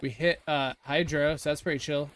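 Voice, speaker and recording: A man's voice: on the high side, steady tone, moderate pace, fairly bright tone. Rambling, swearing male streamer. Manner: rambling, swears a lot, many fillers. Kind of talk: casual gameplay chat.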